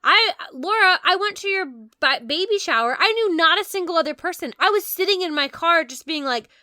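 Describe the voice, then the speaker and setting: A woman co-hosting a podcast in a lively, candid way, casually chatting and swearing now and then. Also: very high voice, brisk, no echo, studio quality. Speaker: podcast co-host.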